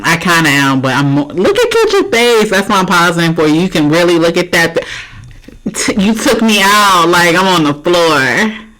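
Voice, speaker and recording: A reaction host talking back at a video, animated and laughing, swearing freely and speaking straight to the viewers. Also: medium pitch, a little hiss or hum, low-quality recording. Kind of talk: loud reaction commentary.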